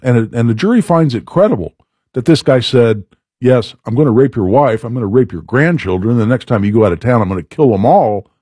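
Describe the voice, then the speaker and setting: A man's voice: medium pitch, a little mellow, breathy edge, no echo, clean studio sound. A man hosting a radio talk show, explaining legal points in an emphatic, conversational way. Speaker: radio talk show host and trial lawyer.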